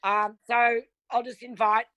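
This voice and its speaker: A woman's voice: a little high, flat delivery, unhurried, pushed and bright, no room sound. A woman comedian, a guest on a podcast, talking in a chatty, self-mocking way and laughing often. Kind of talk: casual chat.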